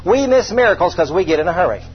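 Very animated and quick, a man with a high, husky voice delivers a conversational, folksy sermon through a muffled recording. He pokes fun at himself while telling stories and puts rhetorical questions to the congregation.

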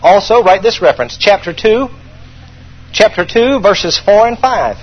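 A man's voice: high-pitched, lively intonation, a little slow, slightly rough, highs cut off. A man preaching a sermon as pastor, emphatic and repeating his key points for the congregation to write down.

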